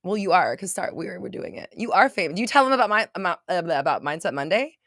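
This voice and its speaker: A woman with a somewhat low voice hosts a casual motivational livestream. She reads out comments and answers them in an emphatic, gushing way, repeating herself and swearing freely. The sound is dry and close. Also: lively intonation, fast talker, fairly bright tone, no room sound. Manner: reads viewer comments aloud. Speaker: livestream host.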